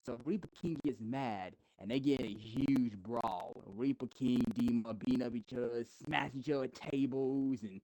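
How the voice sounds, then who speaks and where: A man's voice: medium pitch, moderate pace, few pauses, dark tone, poor audio. A man as a podcast guest telling a rambling, casual story, with restarts and chuckles.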